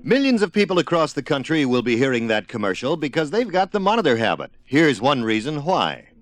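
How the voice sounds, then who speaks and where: A man's voice: mid-range voice, very animated, brisk, dry recording, faint music behind. A man hosting a radio program, introducing segments in a breezy, upbeat way. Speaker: radio host.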